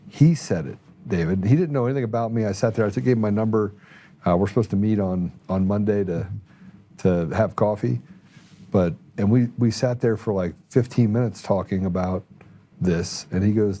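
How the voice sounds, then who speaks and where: A man with a lowish, dark, mellow voice chats casually as host of a political talk show. He tells stories in a rambling way, often starting over mid-sentence. Faint noise sits under the recording. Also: moderate pace. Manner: rambling storytelling with restarts. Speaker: podcast host.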